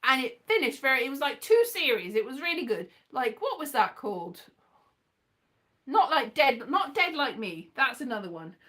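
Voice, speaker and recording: A woman's voice: sits high, very animated, normal speed, fairly bright tone. A woman rambling through a solo chat, wandering and thinking aloud as she goes. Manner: chatty, wandering, thinks aloud, breaks into sing-song.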